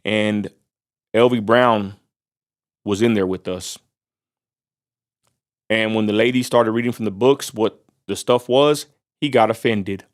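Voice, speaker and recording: A man's voice: fairly low pitch, unhurried, pauses often. A man from Texas delivering an angry, fired-up vlog rant, preacher-like and full of Southern turns of phrase. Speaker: vlogger. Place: outdoors near a roadside lot.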